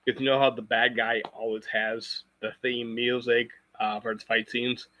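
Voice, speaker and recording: A man's voice: medium pitch, level tone, moderate pace, pushed and bright, poor audio. Rambling man chatting on a stream. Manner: rambling, full of fillers and restarts. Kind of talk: casual live-stream chat.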